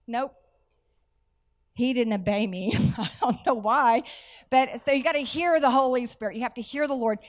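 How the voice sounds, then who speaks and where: A middle-aged woman, preaching a sermon through animated personal stories with folksy asides. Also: fairly high pitch, moderate pace. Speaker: church speaker.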